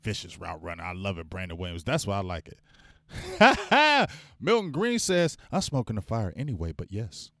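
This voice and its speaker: Excitable guy ranting to his stream chat, dry room, sounding. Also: sits low, a little fast, vocal fry, hardly any pauses, no room sound. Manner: hyped, rambling, talks to chat viewers. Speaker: fan show host. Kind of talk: casual live-stream sports talk.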